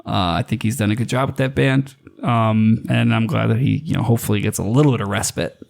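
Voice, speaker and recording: A man's voice: lowish voice, fairly even intonation, brisk, creaky, a little mellow. A man co-hosting a podcast in casual chat, profane and jokey, often restarting his sentences. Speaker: podcast co-host.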